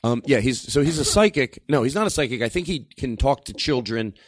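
A man's voice: medium pitch, fairly quick, no room sound. A man hosting a radio show, rambling through comic stories and laughing often. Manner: rambling, laughing, lively storytelling. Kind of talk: casual comedic banter.

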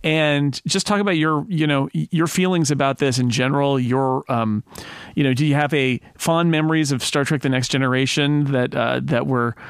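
A man hosting a casual panel podcast, chatty and quick to laugh, often correcting himself mid-sentence. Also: mid-range voice, fairly even intonation, clean tone, dry recording, clean studio sound. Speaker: podcast host.

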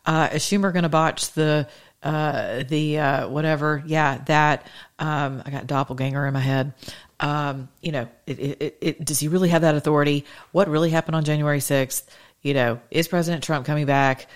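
A middle-aged woman hosting a political talk show, speaking in an animated, sassy monologue full of rhetorical questions. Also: low voice, normal speed, clean tone. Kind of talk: opinionated monologue to listeners.

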